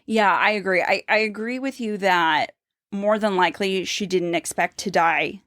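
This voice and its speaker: A woman's voice: mid-range voice, moderate pace, fairly bright tone, dry recording, clean studio sound. A woman co-hosting a book podcast, analyzing a novel casually, reading quotes aloud and asking questions. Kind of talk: casual literary analysis chat.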